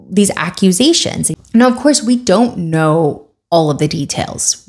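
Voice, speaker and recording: A woman sharing her opinions in a casual commentary vlog. She talks conversationally and with a wry edge, often pausing on fillers. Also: mid-range voice, a little mellow. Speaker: video creator.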